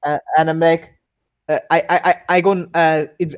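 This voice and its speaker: A man co-hosting a casual podcast, his voice sitting a little high for a man. He talks in halting bursts, repeating words and restarting his sentences as he goes. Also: flat delivery, clear, resonant tone, soft background music. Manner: hesitant, stammering restarts. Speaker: podcast co-host. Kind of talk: casual chat.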